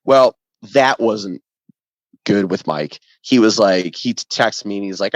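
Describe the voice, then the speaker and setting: A man who plays in a ska band, a guest in a casual podcast interview, telling an animated story that is often profane. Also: lowish voice, measured pace, no echo. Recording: dull lo-fi sound, dry.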